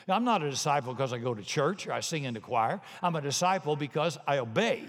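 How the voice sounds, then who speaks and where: A man's voice: a little high, fairly quick, few pauses. Folksy preacher man in a big hall. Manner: folksy, punchy, animated storytelling. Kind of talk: sermon with jokes. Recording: long hall reverb.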